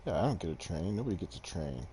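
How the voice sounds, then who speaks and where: A man's voice: low-pitched, very animated, fast, warm tone, slight background noise. A young man streaming gameplay to a desk mic, chatting casually with viewers in a rambling, self-deprecating way. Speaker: game streamer. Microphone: desk microphone.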